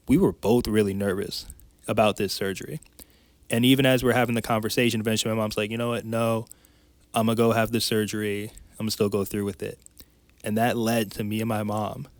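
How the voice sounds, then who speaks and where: A man speaking as a podcast guest and life coach, telling a personal story in a candid, emotional way, with quick restarts. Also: on the low side, dry recording.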